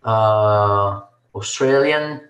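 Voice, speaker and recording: A man, a student in an online English class, answering in a halting, unsure way. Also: fairly low pitch, fairly bright tone, lo-fi sound. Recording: echoey room.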